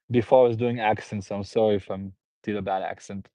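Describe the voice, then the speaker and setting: A man's voice: on the low side, steady tone, a little fast, few pauses, no room sound. A man hosting a live stream, rambling through viewer comments, laughing and repeating himself. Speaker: host. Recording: dull, dry lo-fi sound.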